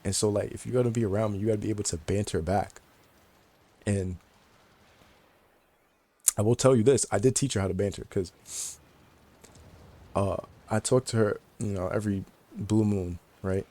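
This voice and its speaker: A man's voice: fairly low pitch, moderate pace, pauses often, dark tone. A young man telling a casual story to the camera, slangy and joking, laughing often as he talks. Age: young adult. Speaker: vlogger.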